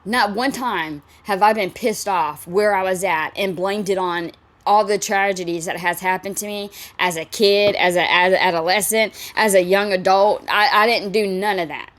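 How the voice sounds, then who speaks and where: A woman's voice: medium pitch, moderate pace, a bit bright. A woman reading text messages aloud and reacting with heated, profane commentary, often restarting her sentences. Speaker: commentary creator.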